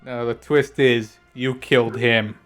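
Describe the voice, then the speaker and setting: A man adds joking remarks to a podcast conversation. He speaks slowly at an ordinary pitch. Soft music plays in the background. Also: steady tone. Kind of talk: casual chat.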